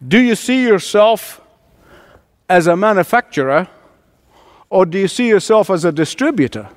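A man preaching a sermon, swinging between soft, low asides and rising, emphatic climaxes, with chuckles between lines. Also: animated, moderate pace. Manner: preaching with dramatic swings of pitch and loudness, builds to emphatic climaxes. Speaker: pastor.

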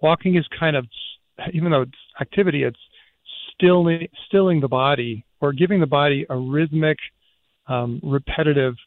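Gravelly priest on a phone line. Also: male voice, medium pitch. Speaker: priest guest. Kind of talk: radio talk.

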